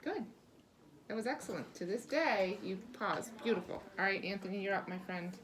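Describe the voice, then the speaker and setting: A woman's voice: mid-range voice, animated, a little fast, fairly bright tone, a little hiss or hum. A woman reading teacher leading a small-group lesson, encouraging and lavish with praise, asking patient questions and explaining step by step.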